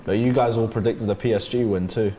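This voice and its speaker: A man's voice: on the low side, steady tone, fast talker. A man in casual live chat about football, reading out scores from other matches between reactions. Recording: echoey room with loud crowd noise.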